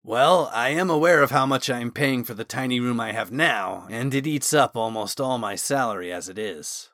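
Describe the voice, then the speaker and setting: A man voicing an earnest, gentle young man. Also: mid-range voice, normal speed, dry recording, studio quality, close to an everyday voice. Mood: dejected.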